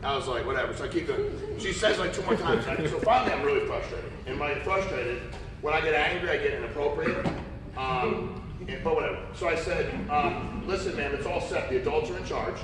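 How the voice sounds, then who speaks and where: A man's voice: fairly high pitch, fast talker, background noise. A man speaking at a conference, telling stories and acting out the voices of people in them. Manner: animated storyteller, acts out quotes. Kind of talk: storytelling keynote talk. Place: large conference hall. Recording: echoey hall from far off.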